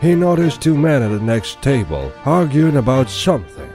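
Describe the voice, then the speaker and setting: A man voicing a storyteller in a fantasy game trailer, putting on a forced old-fashioned accent with slow, dramatic delivery over loud music. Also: medium pitch, very animated. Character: male storyteller narrating a fantasy tale. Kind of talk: trailer voiceover narration. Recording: voiceover with loud music bed.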